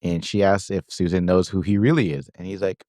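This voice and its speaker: His low, mellow voice holds a steady tone and moves a little fast as he recaps a movie on the podcast, quoting lines and filling gaps with fillers. It's a casual chat recorded in studio quality without echo.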